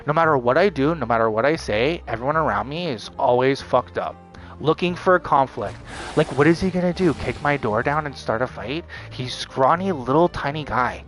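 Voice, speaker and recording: A man's voice: medium pitch, lively intonation, normal speed, fairly bright tone, soft background music. A man venting in a vlog monologue, swearing often and repeating himself with lots of fillers. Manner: profane, repetitive ranting with many fillers. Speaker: vlogger.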